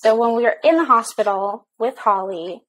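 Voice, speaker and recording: A woman's voice: fairly high pitch, normal speed, a bit bright, poor audio. A young adult woman and mother telling a candid, emotional story-time vlog, swearing now and then, with plenty of fillers. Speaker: vlogger mom.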